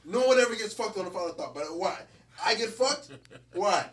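A man's voice: sits high, animated, a little fast, fairly bright tone, a little hiss or hum. A man co-hosting a podcast, swearing and ranting in mock anger during rowdy banter with friends. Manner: swears a lot, mock-angry, laughing. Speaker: podcast co-host.

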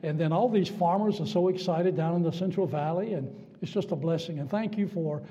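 A man's voice: fairly high pitch, fairly quick, mellow, husky. A man in his seventies from Virginia, preaching a sermon in a church in a folksy, joking, emphatic way. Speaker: guest preacher. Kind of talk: sermon with jokes. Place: church sanctuary. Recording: dull sound with long church reverb.

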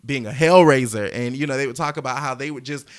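A man in his thirties from the American South telling stories from his past as an interview guest, animated, acting out voices and laughing often. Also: medium pitch, fast. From Georgia, US. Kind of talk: storytelling in casual conversation.

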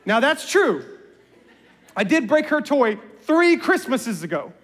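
A middle-aged man preaching a sermon, telling animated personal stories with humor. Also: extremely high pitch, slow. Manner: animated storyteller, jokes and voices family members. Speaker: pastor. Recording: reverberant hall.

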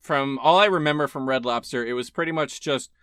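A man's voice: mid-range voice, brisk, fairly bright tone, smooth, no room sound, clean studio sound. A young man co-hosting a podcast in casual, opinionated chat, rambling with restarts. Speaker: podcast co-host.

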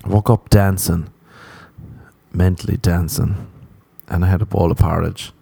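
A man's voice: deep voice, steady tone, a little slow, creaky, dark tone, breathy edge, no echo. Profane, self-mocking man on a podcast. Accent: non-American. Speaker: podcast host. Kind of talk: casual solo podcast rambling.

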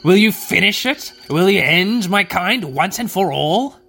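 A man voicing an ancient, weary dragon, speaking slowly and gravely. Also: high voice, expressive, sharp tone, slight background noise, pitched above the performer's own voice, full character voice. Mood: solemn.

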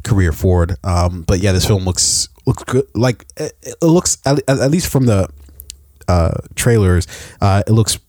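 A man's voice: fairly low pitch, animated, a little slow, a little mellow, dry recording, studio quality. A man co-hosting a podcast in casual chat, hesitant, with many fillers and easy laughter. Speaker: podcast co-host.

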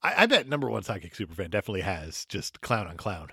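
A bright-toned man makes playful wisecracks on a podcast. His pitch bounces widely, and the dry, close recording has no room sound. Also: very animated, fast talker, gravelly, husky, no echo. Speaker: podcast co-host. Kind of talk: casual chat.

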